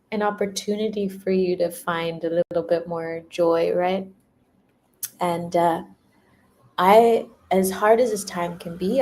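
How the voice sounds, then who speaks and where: A woman's voice: on the low side, darkish tone. A young woman giving a casual spiritual talk to her viewers, laughing often, repeating herself and acting out little quoted voices. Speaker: spiritual energy reader.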